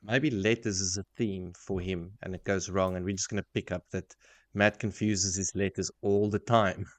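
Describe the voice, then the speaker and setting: Low-voiced man in a measured book chat. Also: fairly even intonation, no room sound. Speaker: podcast co-host. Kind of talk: casual book discussion.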